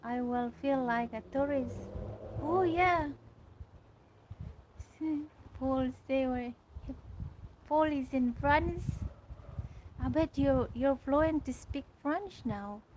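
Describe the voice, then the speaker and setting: Woman host, slow halting outdoor livestream chat, somewhat high voice, faint outdoor ambience. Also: noisy background. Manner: chatty, halting, restarts often while reading comments aloud. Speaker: livestream host reading viewer comments. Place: garden outdoors.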